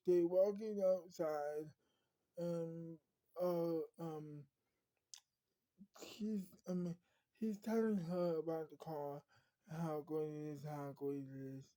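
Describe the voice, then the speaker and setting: Woman storyteller, rambling improvised narration, dark mellow voice. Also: lowish voice, no echo, low-quality recording. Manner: rambling, frequent restarts and fillers.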